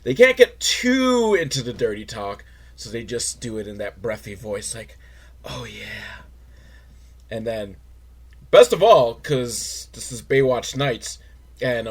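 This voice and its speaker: A man hosting a comedic recap of a TV episode, talking in a wry, rambling way with lots of filler words. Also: medium pitch. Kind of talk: casual comedic commentary.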